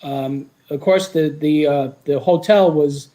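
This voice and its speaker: A man's voice: fairly high pitch, takes it slowly, dark tone. A man who is the guest in a casual chat, talking in an easygoing, plain-spoken way.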